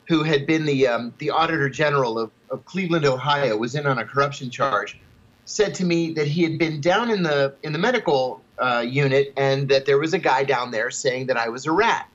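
A man telling a story at an even pace as a guest in an interview, with chuckles between phrases. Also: mid-range voice, brisk, highs cut off.

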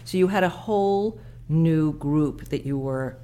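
A woman with a low voice recalls her years at a magazine, measured at first and then quickening as she gets enthusiastic. She sounds like a seasoned editor being interviewed. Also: mellow. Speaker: former magazine editor, guest. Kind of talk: interview answers.

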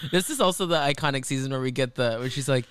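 A man co-hosting a casual chat from his apartment, animated and laughing, slipping into impressions. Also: mid-range voice, fairly quick, smooth. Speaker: podcast co-host.

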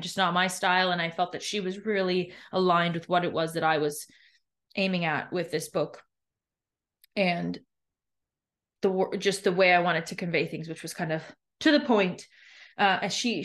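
Chatty candid woman podcaster. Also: medium pitch. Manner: chatty, candid, many fillers and restarts. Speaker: podcast host and new author. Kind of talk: candid reflective monologue.

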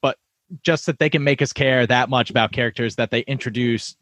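A man's voice: medium pitch, a little fast, a bit bright, dry recording. A man co-hosting a casual podcast, steadily leading the run-through of a TV episode's scenes. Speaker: podcast co-host. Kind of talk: casual chat recapping a TV episode.

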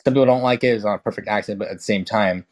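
Young man, low voice, casual talk, lots of restarts, frank, swears. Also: racing, darkish tone. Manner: rambling, many restarts and fillers. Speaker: guest. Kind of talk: casual conversation.

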